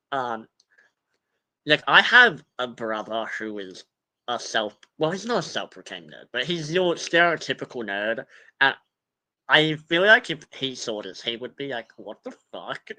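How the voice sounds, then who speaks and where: A young man with a bright, forward voice chats loosely on his livestream. He rambles through cast bios, full of fillers and casual swearing. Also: medium pitch, poor audio. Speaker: streamer reading cast bios.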